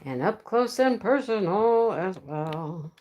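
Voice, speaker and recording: A woman's voice: medium pitch, animated, slow, a little mellow, dull audio, a little hiss or hum. A woman hosting a casual craft live stream, chatting and greeting viewers one by one with frequent laughs. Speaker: livestream host. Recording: echoey room, own speakers feeding back.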